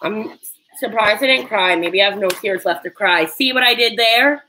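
A woman hosts a cooking livestream from her home kitchen, chatting casually in a mid-range voice at normal speed that sounds pushed and bright. She's nervous and self-deprecating and yelps suddenly. The recording is rough, with a little hiss or hum.

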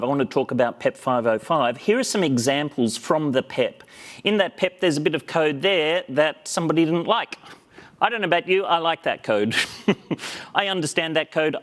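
A man giving a playful lightning talk on a conference stage, joking and getting the crowd to call back. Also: mid-range voice. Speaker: conference speaker.

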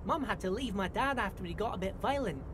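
A chirpy Irish-sounding young dockhand. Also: male voice, sits high, animated, fast talker, noisy background. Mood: friendly. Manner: friendly, earnest, calls people mister. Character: cheerful young male dockworker, eager and chatty.

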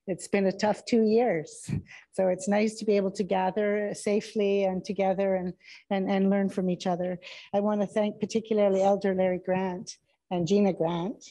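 A woman's voice: medium pitch, warm tone, rough recording. A woman co-curator giving opening remarks at a museum exhibition in a friendly, self-deprecating, conversational way. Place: museum event space.

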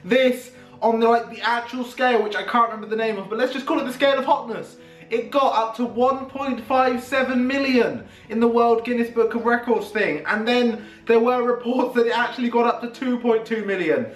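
Guy, young, high voice, jittery casual vlog chat, roomy echo with music low behind. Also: brisk, recorded from a distance. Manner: chatty, nervous, self-mocking. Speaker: YouTuber. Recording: echoey room, faint background music.

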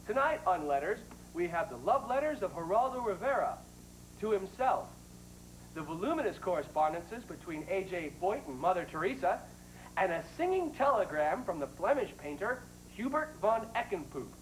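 A man's voice: high voice, very animated, normal speed, long pauses, a little hiss or hum. A man hosting a comedy TV program, presenting in a mock-earnest way in a sketch comedy. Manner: mock-earnest presenter turning into screaming rant. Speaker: TV program host. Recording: echoey far-off 1990s local TV audio.

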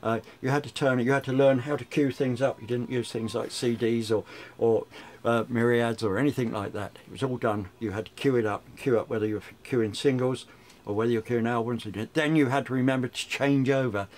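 A man's voice: medium pitch, fairly even intonation, a little fast, darkish tone. An older man, a radio DJ chatting through memories in an interview, rambling with frequent restarts. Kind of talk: reminiscing interview.

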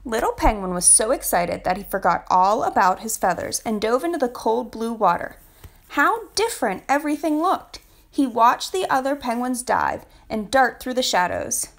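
Woman reading aloud, children's storytime, lilting, very expressive, fairly high voice. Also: normal speed, creaky. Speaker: family literacy program storyteller.

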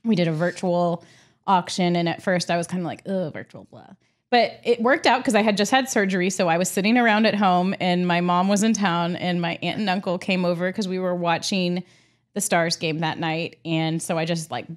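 A middle-aged woman, co-hosting a podcast in casual chat and telling an animated story, acting out quotes with big jumps in pitch. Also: brisk. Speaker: podcast co-host.

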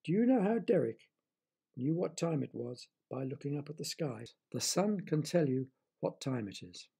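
Gravelly husky male storyteller. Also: on the high side, big pitch swings, normal speed. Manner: gentle, explains things to children. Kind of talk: children's story reading.

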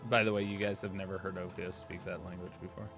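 Playful male player, tense bright tone, casual chat. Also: sits low, flat delivery, quick pace, soft background music. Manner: playful, laughing.

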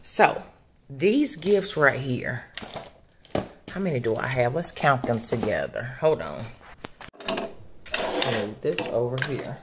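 A woman's voice: extremely low pitch, big pitch swings, slow pace, long pauses, background noise. A woman, chatting casually to her viewers at home, rambling and a little out of breath. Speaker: vlogger. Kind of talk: casual chat to camera. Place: home, at a table.

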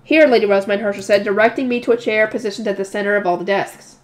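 A woman's voice: mid-range voice, steady tone, fast. A woman reading a light novel aloud and stopping now and then for casual comments. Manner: breaks off for chatty comments and laughs at herself.

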